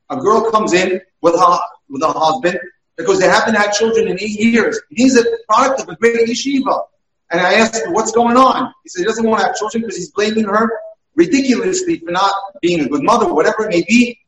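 A man's voice: high voice, brisk, fairly bright tone. A man who works as a dating mentor, telling case stories one after another. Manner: storytelling through examples. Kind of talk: talk. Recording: roomy, from far off.

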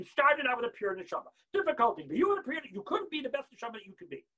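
A man giving an impassioned sermon, swinging from shouts down to near-whispers and acting out the voices he quotes. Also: very high-pitched, big pitch swings, rapid-fire, hardly any pauses, dull audio. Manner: acts out quoted voices and excuses.

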